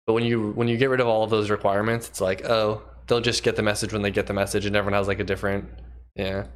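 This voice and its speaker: Low-voiced man thinking aloud while coding. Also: a little hiss or hum. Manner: thinks aloud, chats with viewers. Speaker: livestreaming programmer. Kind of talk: casual livestream chat while coding.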